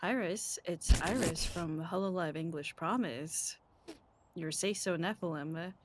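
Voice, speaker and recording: A woman putting on a lower, mock-serious impression of a fellow young female streamer in a casual gaming chat. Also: a little slow, noisy background, lightly acted. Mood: mimicking.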